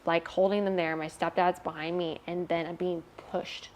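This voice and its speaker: A woman's voice: lowish voice, little pitch movement, moderate pace, darkish tone, slight background noise. A young adult woman, an interview guest, telling a painful personal story candidly and emotionally, swearing freely.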